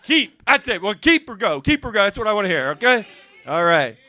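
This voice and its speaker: A man doing stand-up comedy, rattling off one joke after another and dipping into quick character voices. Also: sits high, big pitch swings, pushed and bright. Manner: rapid-fire joke delivery with character voices. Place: music and arts center stage.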